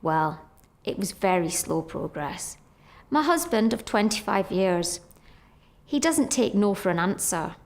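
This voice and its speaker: A woman's voice: medium pitch, sing-song, measured pace. A middle-aged woman telling her own story earnestly, often voicing her past thoughts as quotes. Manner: earnest, reliving moments in inner-voice quotes. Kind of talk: personal storytelling.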